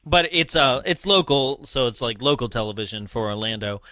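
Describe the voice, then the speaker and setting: Young male podcast co-host, bright and slightly high, laughing chatter, dry close sound. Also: steady tone, no echo. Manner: laughs often, talks fast in bursts. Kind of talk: casual chat.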